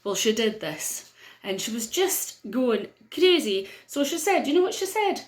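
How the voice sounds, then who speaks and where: A middle-aged woman with a North-East Scottish accent telling a story to children in a playful way, with dramatic pauses. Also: on the high side, big pitch swings, roomy sound.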